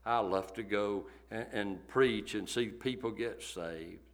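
A man's voice: lowish voice, takes it slowly. A man preaching a sermon, telling a story in a folksy, emphatic way and repeating himself. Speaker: pastor.

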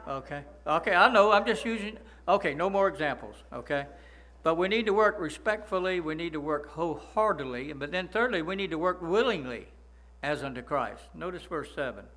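A man preaching a sermon, folksy, slowing down to stress his points and asking the congregation for agreement. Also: fairly high pitch, expressive, fairly bright tone. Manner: slows down to stress key phrases. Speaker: pastor.

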